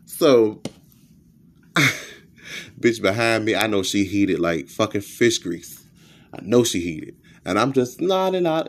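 A man hosting a podcast, telling a comedic, profane rant in an animated storytelling style. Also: moderate pace. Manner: animated, profane storytelling with sudden pitch jumps. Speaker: podcast host.

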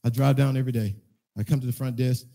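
A man preaching a sermon, telling a personal story in a loose conversational way that keeps rising into loud, emphatic preaching in a church. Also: medium pitch, steady tone, quick pace, gravelly. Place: church sanctuary.

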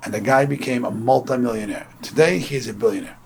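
This informal Torah lecture comes from a Brooklyn, New York teacher whose mid-range voice carries vocal fry and moves at a quick pace. He tells stories conversationally, giving animated voices to the people he quotes, with slight background noise present.

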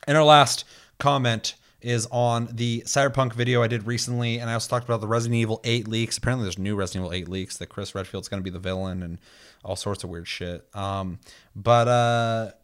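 A man hosting a casual podcast chat, animated and swearing freely as he rants. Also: medium pitch, a little fast, clean tone. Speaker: podcast host.

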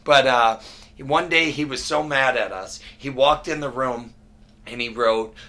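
Male podcast host, energetic storyteller, bright and forceful tone. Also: mid-range voice, measured pace. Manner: energetic storyteller, quotes people. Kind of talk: casual chat.

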